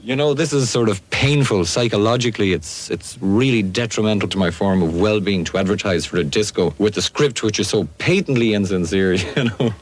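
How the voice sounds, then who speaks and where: A man's voice: lowish voice, lively intonation, a little fast, few pauses. A man on pirate radio reading a disco ad, mocking it and laughing through his lines. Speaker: radio presenter. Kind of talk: ad script read with joking asides. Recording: noisy old radio tape.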